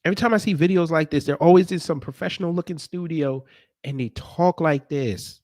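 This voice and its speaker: A man's voice: fairly high pitch, fairly quick, a little mellow, no echo, studio quality. A man reacting to clips in casual commentary, sarcastic and exasperated, stammering through restarts. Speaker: commentary vlogger.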